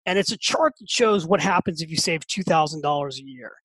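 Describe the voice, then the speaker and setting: A man in his fifties, a podcast guest and author telling a story in a lively, animated way and often repeating words as he gets excited. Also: on the high side, a little fast, breathy edge, dry recording, poor audio. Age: 50s. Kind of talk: casual storytelling.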